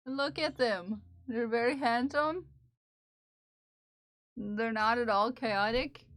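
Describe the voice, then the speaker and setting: A woman's voice: a little high, drawn-out words, pauses often, fairly bright tone, dry recording, clean studio sound. A woman chatting casually on a livestream while knitting, laughing often and talking fondly to her cat. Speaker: streamer.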